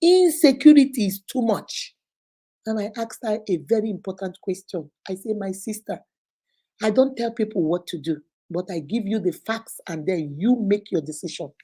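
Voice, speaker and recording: A middle-aged Nigerian woman hosting a relationship advice talk, telling a listener's story in a casual, animated way and acting out what people said. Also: medium pitch, normal speed, husky. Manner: animated, acts out quoted speech.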